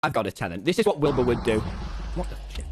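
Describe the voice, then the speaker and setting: A young British man telling a story on his stream, excitable and swearing often, acting out both sides of each exchange. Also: mid-range voice, fast talker, slight background noise. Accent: British English. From England. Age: young adult.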